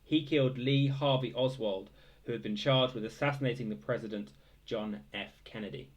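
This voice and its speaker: A man's voice: medium pitch, normal speed. A young man casually reading out quiz answers, hesitant, full of fillers, with dry joking asides. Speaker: quiz host.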